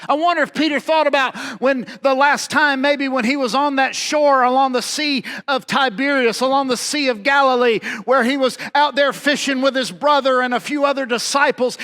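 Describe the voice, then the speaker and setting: A man with a strikingly high voice preaches a sermon. He tells the story vividly, repeating words for emphasis and voicing its speakers himself, then drops low and quiet before rising again. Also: moderate pace, hardly any pauses. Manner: dramatic preaching, acting out quoted dialogue with swings in loudness. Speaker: pastor.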